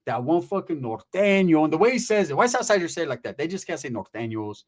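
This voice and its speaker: A man's voice: a little high, very animated, very fast. A man telling a story in casual, profane street slang, constantly checking in with "right?".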